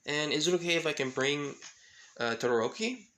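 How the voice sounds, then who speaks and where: A man voicing a cheerful, excitable teenage boy who talks eagerly and in a friendly way. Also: on the high side, brisk, slight background noise.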